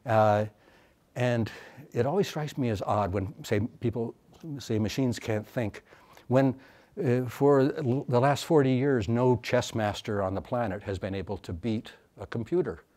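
A man giving an academic lecture as a professor, talking thoughtfully and haltingly with many fillers and restarts. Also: medium pitch, dark tone.

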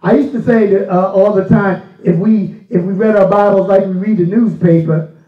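A man with a very high voice preaches a sermon, folksy and plainspoken, rising into shouts for emphasis. He is heard from a distance in a roomy church sanctuary, and the recording sounds a little dull. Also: steady tone, moderate pace. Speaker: pastor.

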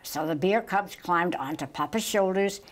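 An older woman slowly reading a children's picture book aloud, gentle and halting with small slips. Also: lowish voice. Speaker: storytime reader.

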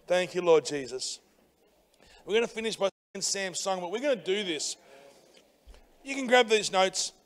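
High-voiced Australian pastor preaching. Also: male voice. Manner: energetic, colloquial and punchy, shifting from shouting to hushed prayer. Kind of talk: sermon. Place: church.

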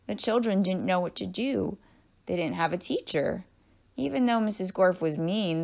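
Librarian storyteller, woman, lower pitch, creaky read-aloud delivery. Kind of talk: children's story reading.

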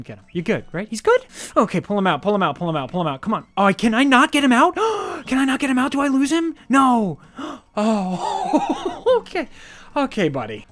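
A man giving casual, goofy gameplay commentary, excitable one moment and mumbling the next. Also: high voice. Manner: goofy, excitable, swings between shouts and mumbles. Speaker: gaming YouTuber.

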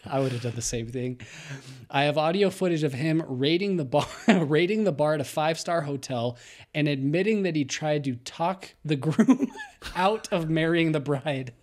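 A man's voice: fairly high pitch, lively intonation, moderate pace, a little mellow. A young man co-hosting a podcast, reading a listener's story aloud and chatting, laughing often as he talks. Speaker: podcast co-host.

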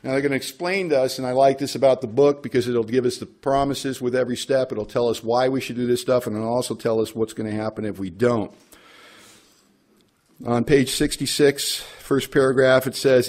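A man's voice: mid-range voice, a little fast, darkish tone. A man leading a recovery workshop, talking casually with joking asides and reading passages aloud. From United States. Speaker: workshop speaker.

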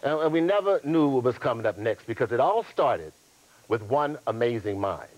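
A man's voice: mid-range voice, sing-song, normal speed, a little mellow, low-quality recording. A man hosting a reunion special, presenting in a polished, playful way. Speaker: host.

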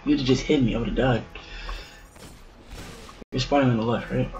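A man's voice: medium pitch, steady tone, moderate pace, darkish tone, highs cut off, soft background music. A man giving casual commentary while playing a game, trash-talking, swearing and laughing at himself. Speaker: gamer streaming a match.

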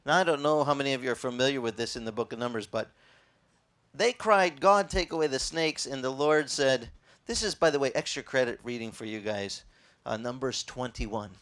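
A male pastor preaching a sermon in a lively, conversational way, quizzing his audience. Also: mid-range voice, brisk.

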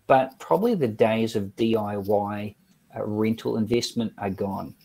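A man, speaking as an accountant on a webinar panel over a video call, halting with fillers and restarts. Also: lowish voice, creaky, dark tone, rough recording. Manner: hesitant, many fillers and restarts.

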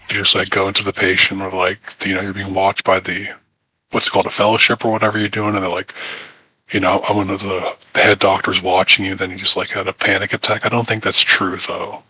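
Low, flat, bright husky man. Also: quick pace, rough recording. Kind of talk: casual group chat. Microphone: voice call.

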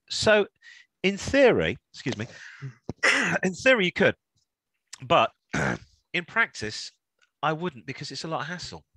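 A man co-hosting a chatty car podcast, his pitch bouncing up and down as he jokes and rambles. His tone is bright and forward. The sound is dry and close. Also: no room sound. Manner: chatty, jokey, rambling with restarts. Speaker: podcast co-host. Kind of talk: casual chat.

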